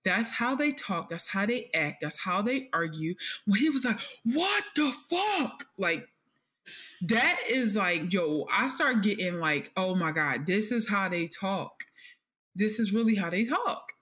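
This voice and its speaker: Blunt, lively young woman co-host. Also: medium pitch, measured pace. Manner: blunt, lively, swears freely. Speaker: podcast co-host. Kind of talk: casual chat about a TV show. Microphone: podcast mic.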